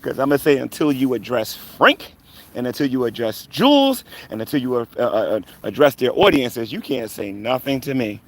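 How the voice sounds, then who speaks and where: A man's voice: medium pitch, sing-song, moderate pace. A man running a live stream, taunting rivals in a combative, rambling rant full of fillers. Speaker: online commentator on a live stream.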